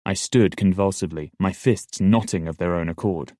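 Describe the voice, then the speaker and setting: A man narrating a fantasy audiobook in a steady, even reading style. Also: sits low, normal speed, no room sound, studio quality. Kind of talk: scripted narration.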